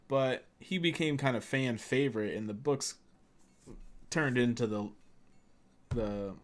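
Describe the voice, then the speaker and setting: A man gives casual commentary while streaming a video game. He rambles in a chatty way and laughs often, with an ordinary, mid-range voice. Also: mid-range voice.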